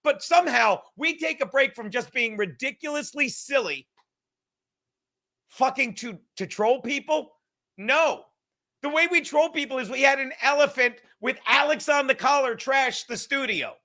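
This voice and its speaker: A man hosting a podcast speaks in a very high, bright, forceful voice as he reacts to clips. His commentary is a sarcastic, profanity-laden rant that builds fast.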